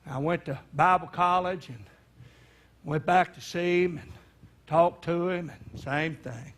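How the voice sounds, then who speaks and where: A man's voice: on the high side, a little slow. A man preaching, telling a family story in folksy speech and acting out the voices of the people in it. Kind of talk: sermon storytelling.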